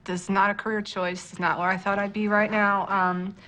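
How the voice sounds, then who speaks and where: A woman, a mother turned activist, speaking tearfully and haltingly. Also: medium pitch, level tone, pushed and bright, slight background noise. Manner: emotional, halting.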